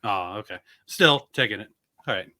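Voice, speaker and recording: A man's voice: lowish voice, expressive, moderate pace, sharp tone, no room sound. A man playing a tabletop game, talking in a hesitant, chuckling way and asking questions. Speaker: player. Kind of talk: casual tabletop game chat.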